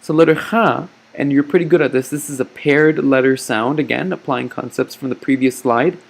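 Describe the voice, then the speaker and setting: A man teaching a recorded lesson over slides, patient and slow, often checking in with "okay?". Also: medium pitch, gravelly. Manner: patient, explains slowly, frequent "okay?" check-ins.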